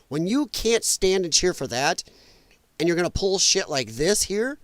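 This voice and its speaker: A man's voice: a little high, dry recording. A man from the United States hosting a livestream, reacting to clips with blunt, profane, sarcastic commentary. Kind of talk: casual ranting commentary.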